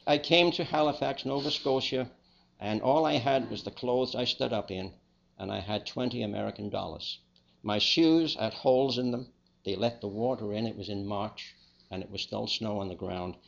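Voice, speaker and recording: Gravelly older man, Liverpool accent. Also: on the low side, lo-fi sound. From England. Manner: plain, unhurried, with small restarts. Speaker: speaker giving a personal testimony. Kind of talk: reflective storytelling.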